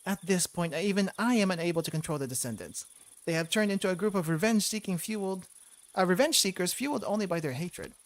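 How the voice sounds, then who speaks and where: A man voicing a remorseful male mouse count, reading game dialogue in a stiff, formal way, breaking into little squeaks. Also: expressive, fast, dry recording. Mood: solemn. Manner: stiff old-fashioned formal speech punctuated by squeaks.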